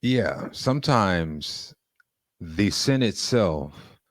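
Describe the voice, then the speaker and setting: A man's voice: sits low, lively intonation, very slow, no room sound, studio quality. A man co-hosting a podcast, talking through faith in a casual, rambling way full of restarts. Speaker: podcast co-host.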